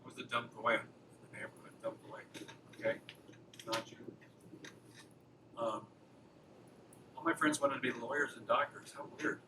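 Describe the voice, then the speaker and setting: A man's voice: mid-range voice, steady tone, moderate pace, pauses often, far from the mic, background noise. A man from Los Angeles giving an informal lecture to a campus club, keeping it conversational with frequent rhetorical questions. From Los Angeles, USA. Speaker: guest speaker at a campus apologetics club. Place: lecture room.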